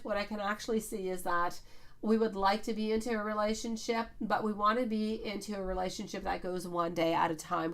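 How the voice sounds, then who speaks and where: A woman's voice: mid-range voice, fairly bright tone. A woman reading tarot on a live stream, greeting chat viewers by name and calling them sweetie and beautiful. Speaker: tarot reader.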